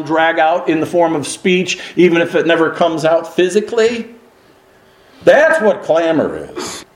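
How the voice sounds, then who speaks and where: A male pastor preaching with real force, his voice falling quiet before it leaps up in loud bursts. His voice sits a bit high for a man. The room around him rings with echo. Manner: emphatic preaching, swinging from hushed to loud exclamations. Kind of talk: sermon.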